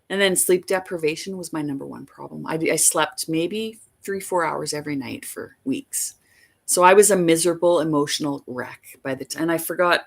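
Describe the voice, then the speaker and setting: A woman's voice: low-pitched, vocal fry, slightly rough. A woman hosting a livestream, telling a long story in a rambling, emphatic way. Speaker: livestream host.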